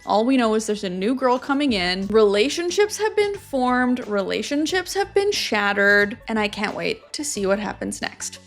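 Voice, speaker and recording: A woman hosting a casual reaction video, chatty and animated, often laughing as she comments. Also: high-pitched. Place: home in Canada.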